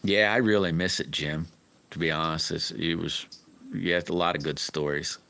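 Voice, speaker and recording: A man's voice: low voice, fairly even intonation, moderate pace, creaky, sharp tone. A middle-aged man, telling rambling, folksy stories in a casual live stream chat.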